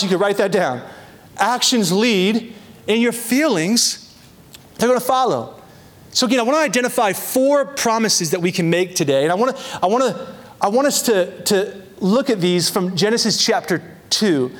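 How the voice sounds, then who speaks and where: A young man delivers a sermon in a notably high voice, leaning hard on key phrases and slowing right down to let them land. He repeats words as he builds a point and slips into little acted-out voices for quoted prayers. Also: lively intonation, fairly bright tone. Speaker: pastor.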